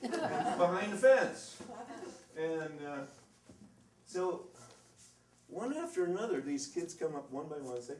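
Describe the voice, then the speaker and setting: Man spinning slow, chuckling stage anecdotes. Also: on the high side, expressive, darkish tone. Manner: chuckling, rambling anecdotes with fillers. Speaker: stage performer telling stories. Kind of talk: live stage storytelling. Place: live stage in a reverberant hall. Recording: echoey live hall, distant mic, faint noise.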